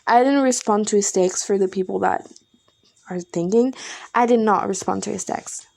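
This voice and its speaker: A woman's voice: mid-range voice, moderate pace, gravelly, a little mellow. A young woman hosting a podcast, telling a personal breakup story in a candid, exasperated way and swearing freely. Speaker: podcast host.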